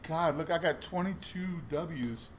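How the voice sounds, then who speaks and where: Slight background noise sits behind a man with a voice on the high side who speaks at a measured pace. He's a coin roll hunting vlogger, casually telling stories as he sorts coin boxes, often starting sentences over.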